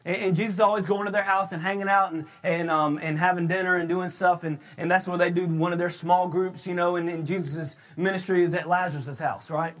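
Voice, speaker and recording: A man preaching a sermon, shouting his emphatic points and then slipping into a loose, conversational retelling full of restarts. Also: high-pitched, fairly even intonation, brisk, few pauses. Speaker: pastor.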